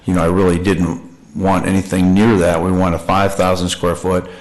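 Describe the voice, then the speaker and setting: A man's voice: deep voice, little pitch movement, normal speed, a little mellow. A man testifying as a property owner at a public meeting, agreeable and deferential, often restarting his sentences. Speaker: property owner applying for a land-use change.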